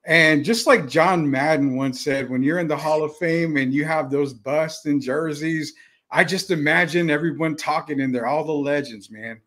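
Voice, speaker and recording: A man's voice: on the high side, normal speed, fairly bright tone. A man hosting a casual sports talk show, laid-back and saying "man" often. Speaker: show host.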